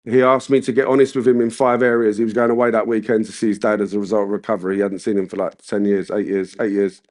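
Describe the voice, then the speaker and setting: A man's voice: on the low side, little pitch movement, fast talker, a little mellow. A man with a British accent giving a personal recovery share as main speaker, chatting in casual slang with many asides. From United Kingdom.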